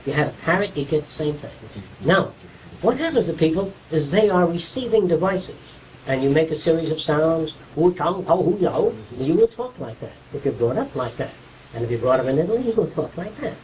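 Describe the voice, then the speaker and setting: A man's voice: fairly high pitch, expressive, fairly quick, darkish tone, far from the mic, lo-fi sound, a little hiss or hum. A man giving an informal, conversational lecture to a small group, explaining ideas and checking whether his listeners follow.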